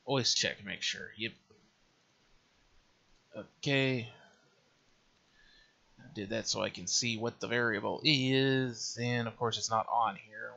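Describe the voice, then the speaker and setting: Slow, bright-voiced man thinking aloud. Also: fairly low pitch, creaky. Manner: thinking aloud, mumbling to himself while working. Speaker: game development tutorial host. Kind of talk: casual screen-recorded tutorial. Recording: slightly dull lo-fi recording.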